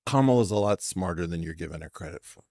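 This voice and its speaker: A man's voice: sits low, animated, fast, a little mellow, dry recording, studio quality. A man speaking as a podcast guest in an assertive, professorial way, challenging his host with pointed questions. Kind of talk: conversational podcast discussion.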